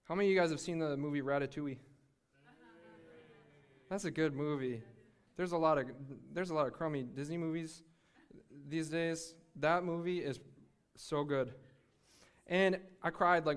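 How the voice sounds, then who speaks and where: A young man preaching a sermon in a lively, conversational way, often restarting his sentences. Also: on the high side, clear, resonant tone.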